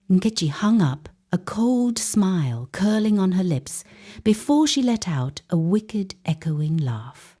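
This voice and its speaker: Woman storyteller, dramatic folktale narration, warm husky voice. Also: mid-range voice, takes it slowly. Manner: dramatic, expressive.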